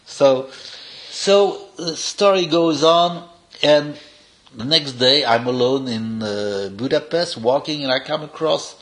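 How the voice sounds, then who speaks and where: An older man, a cinematographer, telling animated, rambling stories in casual, non-native English with restarts. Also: a little high, takes it slowly. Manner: rambling, animated anecdotes with frequent laughs and restarts. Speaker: cinematographer being interviewed. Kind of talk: casual anecdotal storytelling.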